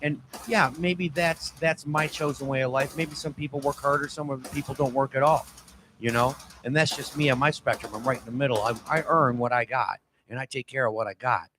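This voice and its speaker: A man's voice: medium pitch, fairly even intonation, a little fast, noisy background. A man in his fifties, born and raised in Detroit, hosting a casual opinion talk show and rambling in a folksy way with lots of "you know" and restarts. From Detroit, USA.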